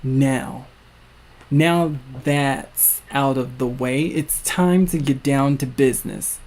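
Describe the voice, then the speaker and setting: A suave, cold villain voiced by a man who speaks slowly and with menace, every word drawn out. His pitch sits mid-range and sounds smooth and controlled. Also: darkish tone. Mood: menacing. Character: suave male villainous future self, cold.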